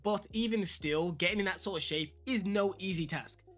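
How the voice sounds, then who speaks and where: At a moderate pace, a man with a high-pitched, fairly bright voice gives relaxed reaction commentary on a fitness video. As a vlogger, he's talkative and opinionated, turning to his viewers directly.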